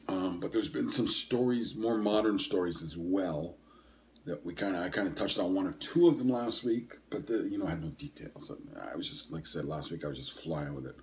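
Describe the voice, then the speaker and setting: This sixty-something podcast host chats on his own in a meandering, halting way, often saying um and correcting himself. He sounds low and somewhat dark, with coughing and sniffling breaking in.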